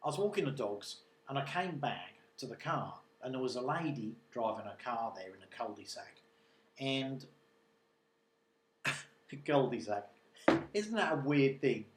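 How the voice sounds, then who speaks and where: A man recounts a local tale in a loose, chatty way, drifting into asides as he goes. His voice sits at an ordinary middle pitch. The room around him is roomy and echoey. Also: very animated, unhurried, pauses often, very noisy. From Britain. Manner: rambling, digressive, chatty. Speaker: local online news journalist. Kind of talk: casual storytelling monologue.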